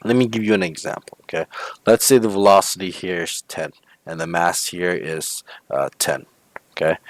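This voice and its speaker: A man's voice: deep voice, dry recording. A male physics teacher talking through homework problems step by step, often checking in with "okay?" and "right?". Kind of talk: homework walkthrough lesson.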